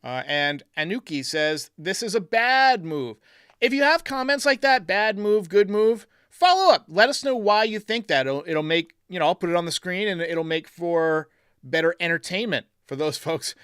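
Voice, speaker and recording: Chatty live-stream host with a higher voice. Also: male voice, lively intonation, normal speed, a bit bright, clear, resonant tone, no room sound, clean studio sound. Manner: chatty, thinks aloud, reads viewer comments. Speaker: podcast host reading live chat. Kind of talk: casual live-stream talk.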